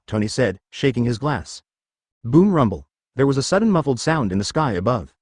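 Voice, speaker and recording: Lively male audiobook narrator. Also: medium pitch, a little fast, dry recording, clean studio sound.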